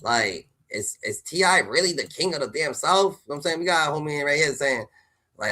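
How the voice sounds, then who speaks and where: Excitable slangy man reacting. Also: a little high, fairly quick. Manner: slangy, repeats a catchphrase tag constantly; loud, excitable and laughing. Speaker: streamer commenting on rap news. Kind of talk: casual reaction commentary.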